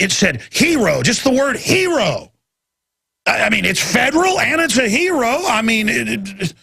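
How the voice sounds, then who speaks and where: Brief: male talk host, gravelly and forceful, sarcastic ranting monologue. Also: a little high. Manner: angry, sarcastic and emphatic.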